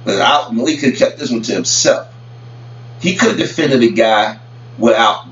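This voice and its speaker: This is a casual opinion rant on celebrity news from a male vlogger, who rambles and keeps stammering and repeating words. His medium-pitched voice is expressive and brisk. Sound quality is lo-fi and dull, roomy and far off, with a faint hum underneath.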